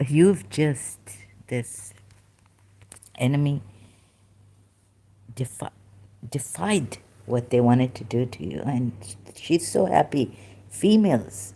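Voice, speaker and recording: A woman with a low, mellow voice talks to her viewers at an unhurried pace. She rambles in a loose monologue, cutting herself off and restarting her sentences as she thinks aloud. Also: creaky. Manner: rambling, self-interrupting, many restarts. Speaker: vlogger. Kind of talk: casual monologue.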